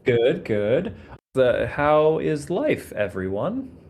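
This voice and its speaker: A man's voice: a little high, sing-song, slow pace, darkish tone. A man hosting a podcast with a casual, chatty manner, laughing often and joking at his own expense. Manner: laughs often, self-deprecating banter. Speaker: podcast host, physician.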